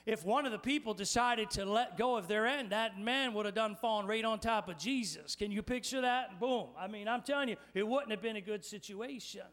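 A male pastor preaching a sermon, energetic and playful, directing volunteers in a live demonstration and speaking straight to the congregation. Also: high voice, fairly quick, hardly any pauses.

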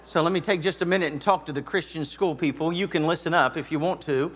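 Man preaching, high bright voice, folksy, joking asides to the congregation. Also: quick pace, husky. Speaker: pastor. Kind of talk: sermon. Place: church auditorium.

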